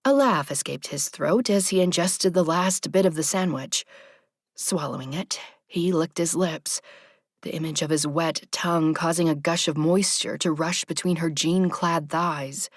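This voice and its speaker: Low, soft-voiced woman narrating a romance audiobook. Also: a little slow, no room sound, studio quality.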